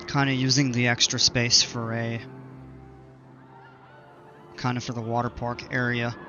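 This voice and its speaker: A man's voice: medium pitch, bright, forceful tone, highs cut off. A man giving casual gameplay commentary, rambling and self-mocking with many fillers. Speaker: game channel host.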